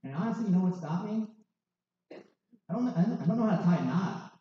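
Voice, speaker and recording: A man's voice: high voice, expressive, a little fast. A young man in his twenties sharing a candid personal testimony with wry, self-mocking humor. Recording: distant, dull, very echoey hall.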